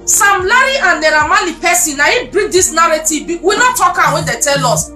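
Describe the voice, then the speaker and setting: Nigerian woman host, high bright voice, indignant and scolding, echoey room. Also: lively intonation, a little fast, faint music behind. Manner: indignant, scolding, mixing Pidgin and English. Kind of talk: heated commentary on a talk show.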